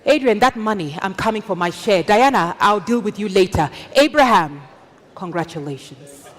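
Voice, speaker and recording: A woman emceeing a live awards ceremony on stage, hyping the crowd with energetic, shouted announcements. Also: mid-range voice, moderate pace. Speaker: event emcee. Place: stage of a large live event.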